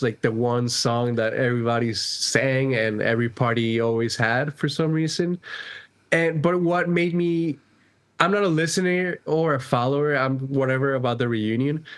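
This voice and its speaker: A man co-hosting a podcast in relaxed conversation. He gropes for words and restarts often, in an average-pitched voice. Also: clean tone. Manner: hesitant, stumbling restarts. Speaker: podcast co-host. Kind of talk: casual chat.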